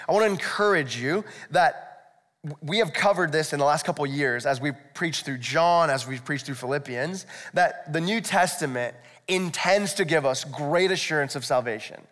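This male pastor's voice sits on the high side with a fairly bright tone. He explains things conversationally during his sermon and throws rhetorical asides to the congregation, all captured in an echoey hall with long reverb.

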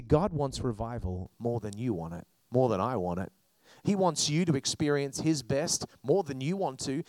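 A man's voice: high-pitched, darkish tone, dry recording. A man preaching a sermon to a church congregation, with passionate delivery that swells and drops. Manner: passionate preaching, voice rising and falling. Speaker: pastor.

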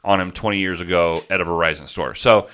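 Brief: low, bright-toned guy, podcast host, profane rant storyteller. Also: quick pace. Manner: animated ranting with profanity, quoting people in his voice. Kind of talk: casual storytelling chat.

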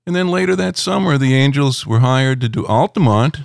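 A middle-aged man, a rock critic, telling anecdotes in a relaxed interview at home, rambling with many fillers. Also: medium pitch, brisk, creaky, dry recording, studio quality.

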